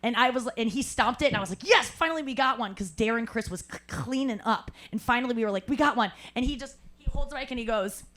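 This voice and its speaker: A woman hosting a live podcast, telling an animated story and acting out other people's lines, laughing often. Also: a little high, fast, hardly any pauses. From St. Louis. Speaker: podcast host. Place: live show at a cafe.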